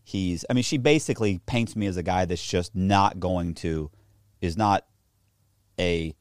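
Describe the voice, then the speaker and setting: A man with a lowish voice recounts his own past in a loose, profane way and gets heated as he quotes people. The sound is dry and close, with no room around it. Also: measured pace, dry recording. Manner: profane, animated, indignant retelling. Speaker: interview guest telling his own story. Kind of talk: casual storytelling, reacting to a documentary clip.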